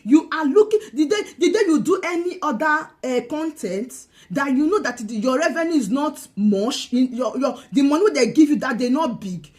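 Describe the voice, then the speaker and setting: Nigerian woman commentator, high lively voice, taunting and laughing. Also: moderate pace, few pauses. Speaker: online commentator. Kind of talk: mocking reaction commentary.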